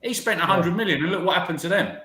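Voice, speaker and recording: Bright-voiced man in an echoey room. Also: high voice, fast talker. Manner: teasing, banter-heavy, asks questions. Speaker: podcast co-host. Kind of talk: casual football podcast chat.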